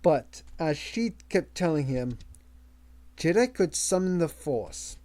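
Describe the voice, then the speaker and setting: A man reading a novel aloud as an amateur audiobook narrator, measured, with small slips and restarts. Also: on the high side, animated, dark tone. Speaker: audiobook reader.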